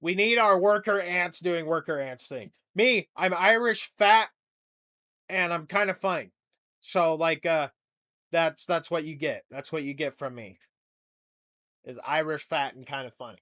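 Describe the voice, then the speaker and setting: A man's voice: a little high, a little slow, sharp tone. A young man hosting a comedy podcast, rambling through a profane, jokey monologue. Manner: rambling, profane, jokey rants with mock voices.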